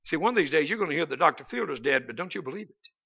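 A man's voice: fairly high pitch, lively intonation, racing, creaky, bright, forceful tone, husky. A male Baptist preacher giving a folksy, humorous sermon that rises to emphatic peaks, recorded in a church on a slightly dull, lo-fi recording.

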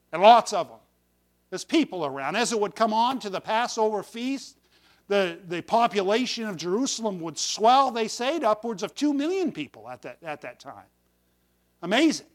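A man preaching a folksy sermon to his congregation, with sudden emphatic bursts on key words. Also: high-pitched. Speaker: pastor.

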